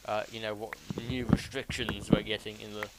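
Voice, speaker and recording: A man rambles casually while playing a game on stream, replying to his chat as he goes. His voice sits a little low. Loud background noise and mouse clicks run steadily behind him. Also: little pitch movement, moderate pace. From south of England. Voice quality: chatty, rambling, reads and answers chat. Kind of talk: casual live-stream commentary while gaming.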